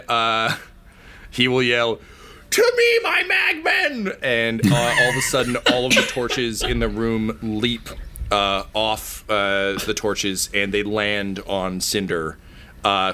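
A man narrating as game master, halting with many ums and uhs. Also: fairly low pitch, flat delivery, bright, forceful tone, slight background noise.

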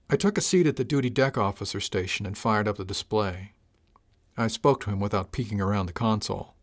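A man narrating a first-person audiobook in a calm, measured, unhurried way. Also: lowish voice.

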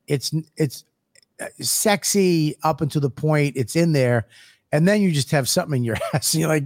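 A man's voice: a little high, normal speed. Brash, crude male podcast co-host. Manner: brash, profane and joking. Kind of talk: crude comedic banter.

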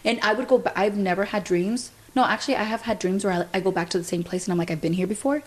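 A young adult woman hosting a podcast tells a story at a quick pace, her medium-pitched voice steady in tone. She's chatty, fills her speech with "like," and retells events through quoted dialogue.

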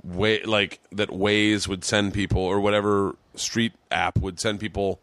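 A man's voice: lowish voice, little pitch movement, unhurried, fairly bright tone, no echo. A man hosting a podcast, telling rambling comedic stories in casual chat, swearing freely and acting out the other people in them. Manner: rambling storyteller, swears freely, acts out quoted voices. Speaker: podcast host.

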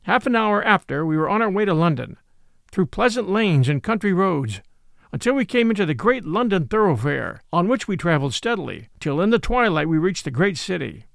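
A man's voice: high-pitched, brisk, gravelly, no room sound, studio quality. A man narrating a classic novel aloud as storybook narration, reading expressively and voicing every part. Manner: expressive reading, voices all parts.

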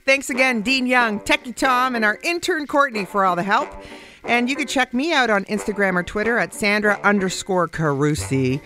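A woman's voice: a little high, moderate pace, bright, forceful tone, soft background music. A woman hosting a radio comedy show, telling stories in a chatty, casual way. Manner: chatty storyteller.

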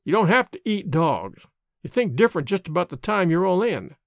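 A man reading a storybook voices a rough male Klondike dog musher with slow, drawling, plain-spoken speech. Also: high-pitched, sing-song, no echo, clean studio sound, heavily acted.

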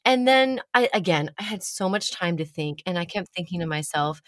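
Woman in her thirties, low voice, dry close sound, animated storyteller with dramatic pauses. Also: dry recording. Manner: animated, dramatic pauses, rising pitch when excited. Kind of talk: casual personal storytelling.

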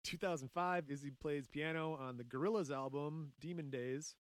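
A man's voice: a little high, moderate pace, dry recording. A man hosting a podcast, telling a story in casual chat, joking and laughing often.

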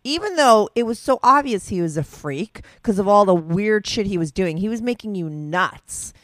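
A woman's voice: mid-range voice, expressive, normal speed, no echo. A woman hosting a show and giving a caller blunt, frank advice, swearing casually as she talks.

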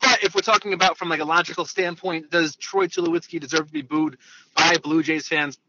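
A man from New Jersey, a baseball reporter joining a podcast by phone from his car, chatting in a joking, halting way. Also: a little high, steady tone, dull audio, background noise. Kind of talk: casual podcast chat. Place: in a car, driving.

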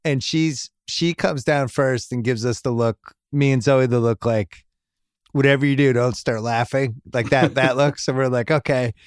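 A middle-aged podcast host rambles through a family story in casual storytelling chat, often restarting and chuckling at his own jokes. His medium-pitched voice is clear and resonant, at normal speed with hardly any pauses. It's recorded close in a dry studio with no room sound.

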